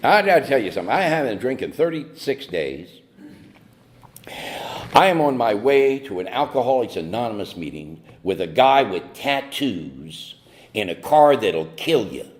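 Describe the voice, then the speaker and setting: A man's voice: mid-range voice, big pitch swings, moderate pace. A man from North Carolina sharing a humorous personal story at a recovery meeting with wry, mock-indignant timing. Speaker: speaker at AA meeting.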